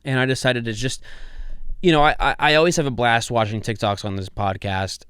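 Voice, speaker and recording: A man's voice: medium pitch, steady tone, a little fast, a bit bright, smooth, no echo. A man hosting a casual podcast on a close mic, rambling and swearing casually with lots of restarts. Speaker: podcast host.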